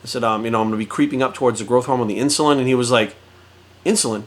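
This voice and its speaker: A man's voice: medium pitch, fairly even intonation, rapid-fire. A middle-aged man and fitness coach ranting bluntly to camera, swearing constantly and acting out quoted exchanges as he tells a story. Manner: blunt, heavily profane, storytelling with quoted voices. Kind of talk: profane direct-to-camera rant.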